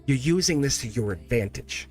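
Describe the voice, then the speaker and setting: A middle-aged man giving an earnest, animated live tarot reading, addressing the viewer directly and often breaking off mid-sentence. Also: normal speed, soft background music. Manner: earnest and animated, swinging pitch, frequent laughs and self-interruptions. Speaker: tarot reader.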